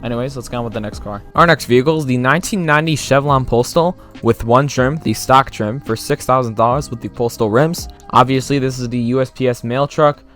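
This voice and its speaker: A man hosting a gaming channel, giving a plain, steady commentary that walks through car features. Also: medium pitch, fairly quick, few pauses. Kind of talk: gameplay commentary. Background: faint background music.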